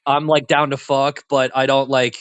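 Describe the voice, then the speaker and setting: A man's voice: mid-range voice, level tone, normal speed, a bit bright, smooth, dry recording. A young man co-hosting a podcast, casually recounting movie scenes and acting out the characters' lines. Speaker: podcast co-host. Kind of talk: casual chat.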